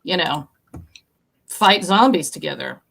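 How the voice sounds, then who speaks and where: A woman's voice: fairly low pitch, animated, unhurried, creaky, a bit bright. A woman co-hosting a casual book podcast, telling a story in a chatty, enthusiastic way. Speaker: podcast co-host. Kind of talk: casual chat.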